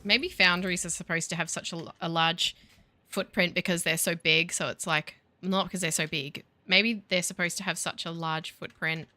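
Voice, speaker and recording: Woman gaming host, wry self-mocking commentary, bright lowish voice, dry close sound. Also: steady tone, normal speed, no room sound. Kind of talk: casual gameplay commentary.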